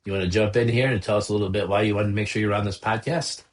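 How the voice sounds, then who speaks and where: A man from Illinois with a US Midwestern accent, hosting a podcast and introducing his guests in a friendly, measured way. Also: lowish voice, steady tone. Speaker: podcast host.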